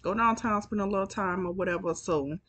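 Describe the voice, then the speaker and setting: Yawning and drowsy, a woman vlogs a storytime for her viewers, swearing casually as she chats along. She talks fairly quickly in a medium-pitched, somewhat bright voice.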